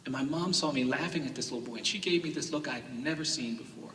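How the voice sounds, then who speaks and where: An earnest man tells a personal story from a stage, repeating phrases and building them into strong cadences. His voice is bright and forward. It is picked up from a distance and rings through a large hall with long reverb. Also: mid-range voice, fast talker, a little hiss or hum. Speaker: lawyer giving a summit talk. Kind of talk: storytelling speech. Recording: echoey hall from a distant mic.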